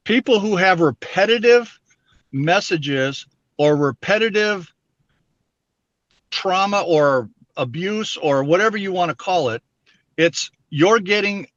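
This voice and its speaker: An interview guest with a slightly high, somewhat bright male voice speaks earnestly and candidly, explaining his points with everyday examples. The recording has a dull, dry lo-fi sound with no room ambience.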